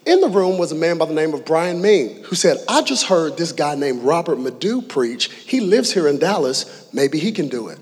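A man in his thirties preaching a sermon as pastor, telling stories with humor and rising to shouts. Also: a little high, very animated, normal speed, few pauses, slightly rough. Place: large church hall. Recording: long hall reverb.

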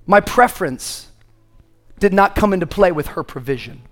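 A man preaching a sermon as pastor, swinging from quick storytelling to loud, drawn-out preaching. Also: lively intonation, soft background music. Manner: builds to loud, high-pitched preaching, then drops to quick conversational storytelling.

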